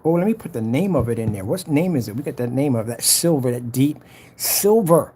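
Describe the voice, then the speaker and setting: A man's voice: mid-range voice, animated, fairly quick, dark tone, a little hiss or hum. A man narrating as he designs his product's ad, boasting about it and muttering to himself. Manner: boastful, hypes his product, trash talks rivals; mutters and whispers to himself while working. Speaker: small business owner making a product ad. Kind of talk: casual talk-along screen recording.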